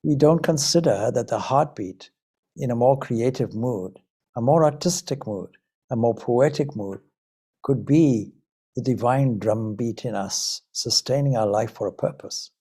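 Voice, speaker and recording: A man's voice: medium pitch, unhurried, mellow, breathy edge. A man from Zimbabwe, a Vedanta swami, giving a reflective spiritual talk full of rhetorical questions. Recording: Ireland talk.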